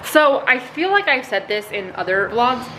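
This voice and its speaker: A woman's voice: fairly high pitch, big pitch swings, normal speed. A young woman chatting casually in a home DIY vlog, bubbly and gushing, with giggles in her talk. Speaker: vlogger. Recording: noisy home video sound.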